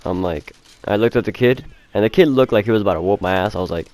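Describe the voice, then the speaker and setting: A man's voice: fairly low pitch, brisk, a little mellow. A young man telling a casual storytime, rambling with fillers and heavy swearing. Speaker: vlogger.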